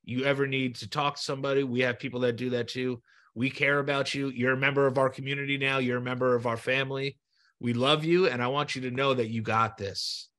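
A man's voice: mid-range voice, flat delivery, fast talker, a bit bright. A man hosting an interview show, talking earnestly and encouragingly, repeating himself and swearing freely. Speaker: podcast host. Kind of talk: heartfelt interview chat.

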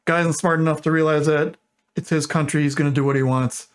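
A man's voice: on the high side, fairly even intonation, a little fast, smooth. A man in his twenties casually telling a long joke, rambling and correcting himself as he goes. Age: 20s. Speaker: YouTuber.

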